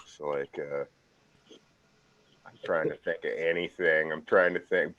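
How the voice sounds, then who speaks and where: Low-voiced guy shooting the breeze on a podcast, cussing, kinda muffled. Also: flat delivery, normal speed, no room sound. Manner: laid-back, swears, laughs often. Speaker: podcast host. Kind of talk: casual chat.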